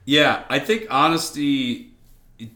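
A man's voice: medium pitch, lively intonation, slow, sharp tone. Man with an echoey room sound. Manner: earnest, rambling storyteller with lots of "like". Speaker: podcast co-host. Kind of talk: casual beer-tasting chat.

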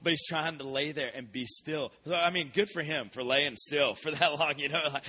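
Animated preacher, bright voice. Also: male voice, fairly high pitch, moderate pace, few pauses. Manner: animated storytelling, acts out voices. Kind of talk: sermon.

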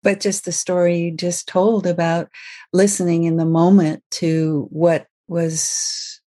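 A woman hosts an interview with a somewhat low voice. She keeps her guest going with frequent encouraging affirmations. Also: little pitch movement, slow, mellow. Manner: encouraging, many small affirmations. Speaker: interview host. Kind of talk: casual interview.

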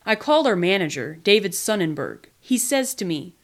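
A woman reading a memoir aloud in the first person, with lively, expressive storytelling. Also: mid-range voice, moderate pace, creaky, hardly any pauses. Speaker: podcast reader.

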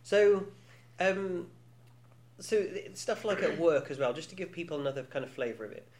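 A man's voice: a little high, lively intonation, normal speed, darkish tone. A man in his thirties co-hosting a podcast, talking candidly in casual chat with many restarts and frequent laughs. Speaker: podcast co-host.

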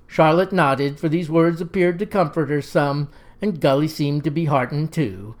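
Homespun woman storyteller, lowish voice. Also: normal speed, darkish tone. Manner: homespun, mock-formal word choice. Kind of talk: folksy comic storytelling.

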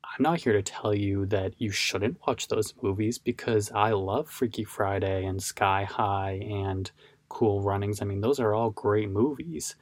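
Male podcast host, casual recap, rambling, filler-heavy, lowish pitch, dry. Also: measured pace, no room sound. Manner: rambling, chatty, full of fillers and restarts.

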